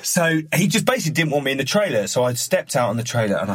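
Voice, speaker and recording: Fast-talking husky man. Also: medium pitch, no room sound. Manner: animated storyteller, laughing, acting out quotes. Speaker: film director, podcast guest. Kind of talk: casual anecdote telling.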